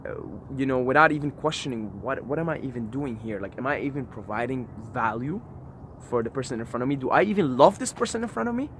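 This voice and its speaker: A man speaks to his camera outdoors near a forest, his voice mid-pitched and ordinary. He talks emphatically in a preachy way, swearing and repeating phrases. Faint traffic noise hums in the background. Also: expressive, quick pace, fairly bright tone. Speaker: vlogger. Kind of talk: impassioned outdoor monologue.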